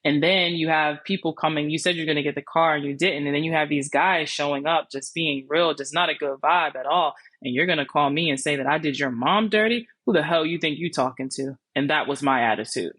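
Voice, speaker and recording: A woman's voice: deep voice, a little fast, few pauses, fairly bright tone, no echo. A woman hosting a podcast, telling a personal story in a candid, blunt, casual way, swearing freely and acting out what people said. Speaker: podcast host.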